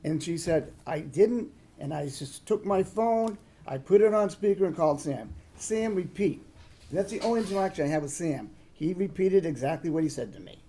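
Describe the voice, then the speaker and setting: A man's voice: on the high side, lively intonation, a little fast, few pauses, mellow. A man on a town board giving an unscripted, rambling account of events in his own defense, often asking "okay?" and retelling conversations. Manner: rambling, repeats "okay?", retells quoted exchanges. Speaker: board member defending himself. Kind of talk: unscripted account at a public meeting. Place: town board meeting room.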